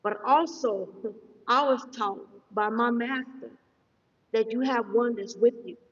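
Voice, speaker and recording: A woman giving a live-streamed meditation lesson as a spiritual teacher, talking fast and checking in with her listeners often. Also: on the high side. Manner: fast-talking, says so herself; instructive, checks in often with "okay?". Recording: distant, echoey, dull sound.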